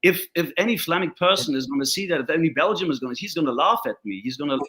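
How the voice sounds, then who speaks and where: A man's voice: on the high side, fast talker. A man, an actor whose first language is Turkish, chatting in a casual interview and acting out the people in his stories. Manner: animated storyteller, acts out quoted voices.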